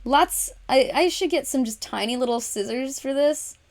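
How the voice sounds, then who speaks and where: A woman with a voice that sits high speaks at a moderate pace on her casual craft livestream. Talking to the viewers in chat, she works through each step out loud and laughs a lot.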